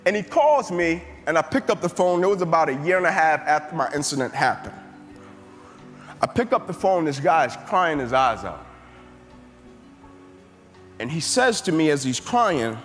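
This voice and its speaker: Before a crowd in a big hall, a man gives a live motivational talk, hammering his points home with emphatic, repetitive building cadences. He has a high-pitched, fairly bright voice, and the echoing recording has music beneath it.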